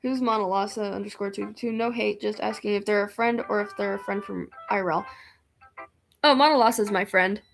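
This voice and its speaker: A woman streamer chatting casually with viewers while she plays a game, self-deprecating and quick to laugh. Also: medium pitch, fairly even intonation, gravelly, soft background music. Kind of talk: casual gameplay chat.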